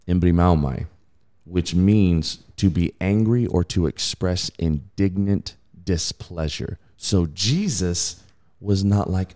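A man hosts a podcast where he teaches from the Bible casually and animatedly, laughing and imitating voices. He speaks slowly in a low voice.

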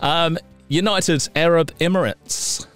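A man's voice: steady tone, takes it slowly, a bit bright, clean tone, faint music behind. A man co-hosting a podcast, talking in a casual, jokey, playful way. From New Zealand. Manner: jokey, playful, bouncing between high and low. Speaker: podcast co-host. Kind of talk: casual chat.

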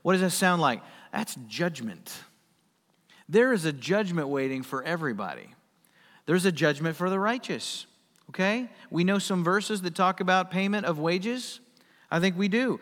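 A man preaching a sermon, animated and folksy, acting out the characters in the parable he reads. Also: high-pitched, normal speed, long reverb tail. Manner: animated, acts out quoted voices, folksy asides. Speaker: pastor.

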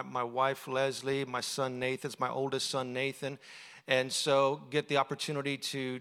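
Animated male preacher in an echoing church. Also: medium pitch. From Texas. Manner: conversational storytelling, animated, laughs often. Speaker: guest preacher. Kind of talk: sermon. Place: church sanctuary. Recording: long hall reverb.

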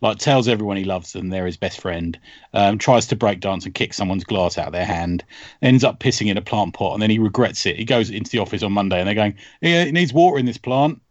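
A man talking comics on a podcast, retelling strips with bursts of laughter and put-on voices for the characters. His voice sits low and is recorded dry and a little dull. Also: fast talker, no room sound. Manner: animated storytelling, laughs often, acts out quoted lines. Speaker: podcast host. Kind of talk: casual comics chat.

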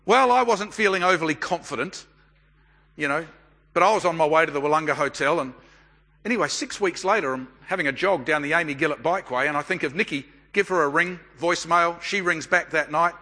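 A middle-aged Australian man preaches in a high, bright voice, pausing deliberately as he tells a story. A long reverb trails off his words in a big church hall. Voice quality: measured, deliberate pauses. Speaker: pastor. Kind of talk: sermon with a storytelling manner.

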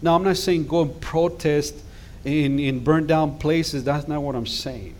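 Impassioned pastor preaching. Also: male voice, a little high, unhurried, darkish tone. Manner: impassioned, rising to emphatic exhortations. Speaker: guest pastor. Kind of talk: sermon. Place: church sanctuary.

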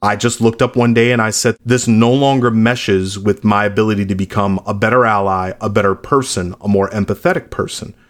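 A man in his late thirties, a musician being interviewed. His voice sits on the low side, and he talks candidly and reflectively, with the odd blunt remark. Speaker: musician guest. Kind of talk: interview conversation.

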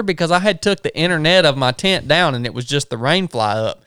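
A man's voice: fairly high pitch, moderate pace, few pauses, fairly bright tone, smooth, no room sound, studio quality. A man recording a spoken camp log at a river sandbar, then telling a story in a drawling, folksy way.

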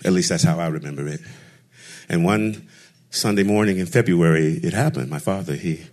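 A man telling a personal story in an expressive, rhythmic way, with deliberate pauses. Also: low-pitched. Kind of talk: storytelling performance.

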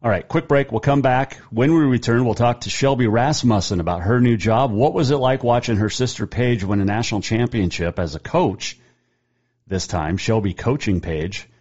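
This radio host has a medium-pitched, slightly mellow voice and a moderate pace. He talks casually on his own show, rambling in a folksy, self-correcting style and reading sponsor messages, with the recording sounding dull and lo-fi.

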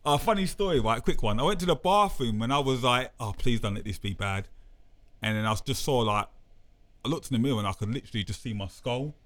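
A young man, casually telling a sweary, animated story on a podcast. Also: mid-range voice, fast talker.

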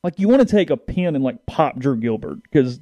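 A man's voice: mid-range voice, fairly quick, no echo, dull audio. A man co-hosting a sports podcast, talking casually and getting worked up in bursts of indignation. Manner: animated, indignant, rising to outbursts.

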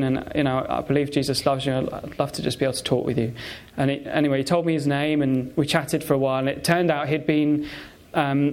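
A man preaches in a relaxed, conversational way. He pauses often and restarts his phrases, with lots of fillers. His voice sits a little higher than most men's. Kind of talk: sermon with personal stories.

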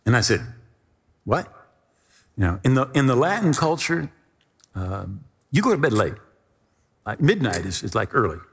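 A middle-aged male pastor preaching a sermon, telling a personal story with animated emphasis. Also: medium pitch, unhurried, long pauses, husky, long reverb tail.

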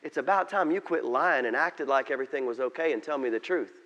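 A man's voice: medium pitch, fast talker, a bit bright, long reverb tail, lo-fi sound, lightly acted. A man voicing God as a blunt, fatherly figure scolding a listener.

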